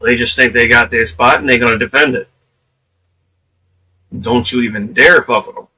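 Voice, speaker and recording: A man's voice: medium pitch, steady tone, normal speed, sharp tone, breathy edge, recorded from a distance, rough recording. A man giving casual, profane commentary on a live stream, laughing often.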